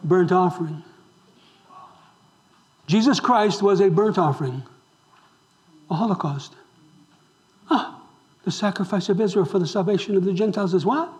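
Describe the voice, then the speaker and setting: A man preaching a sermon as pastor, asking the congregation questions and moving between loud emphasis and hushed tones. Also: high-pitched, normal speed, pauses often. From raised Roman Catholic. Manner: swings between loud exclamations and hushed near-whispers.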